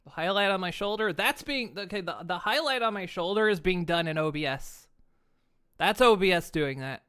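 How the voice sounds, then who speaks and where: A woman's voice: on the low side, animated, normal speed, a bit bright, smooth. A woman streaming live, chatting casually and playfully, laughing often and hamming up her expressions. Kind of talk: casual livestream chat.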